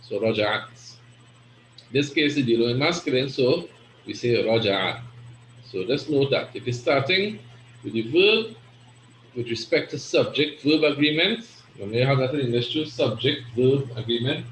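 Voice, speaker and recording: A man's voice: mid-range voice, animated, moderate pace. A man teaching an Arabic grammar class, explaining step by step and often checking in with "right?". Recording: echoey room with faint noise.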